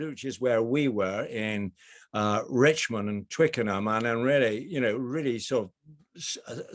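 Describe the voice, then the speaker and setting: A middle-aged man with a medium-pitched voice gives a storytelling presentation over a video call from the kitchen of a narrowboat. He's animated and frequently restarts his sentences.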